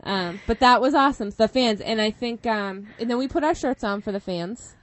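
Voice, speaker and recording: A woman's voice: fairly high pitch, normal speed. A woman with a New England accent co-hosting a podcast, chatting in a bubbly, giggly way. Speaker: podcast co-host. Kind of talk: casual chat.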